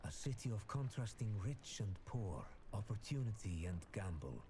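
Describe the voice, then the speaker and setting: A man giving scripted narration for a game in a grave, measured way. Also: fairly low pitch, very animated, dark tone, slight background noise.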